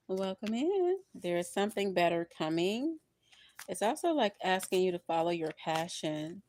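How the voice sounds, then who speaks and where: An older woman reading tarot on a livestream, expressive and preachy, often laughing and calling her listeners honey and baby. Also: lowish voice, moderate pace, a little hiss or hum. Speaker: tarot reader.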